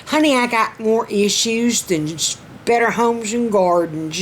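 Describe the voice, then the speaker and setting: Slow-talking Southern woman, folksy and chatty. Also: on the high side, expressive, slight background noise. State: throat strained. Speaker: vlogger. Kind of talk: casual personal update vlog.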